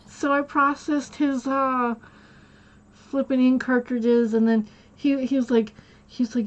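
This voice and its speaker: A woman's voice: sits high, fairly even intonation, moderate pace, lo-fi sound. A woman streamer casually retelling a story from her day, rambling and quoting the back-and-forth with many "I was like" asides. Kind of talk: casual storytelling while gaming.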